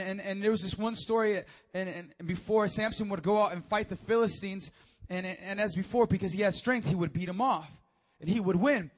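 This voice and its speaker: A man preaching a sermon, telling stories with animated energy and stammered repeats. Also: sits high.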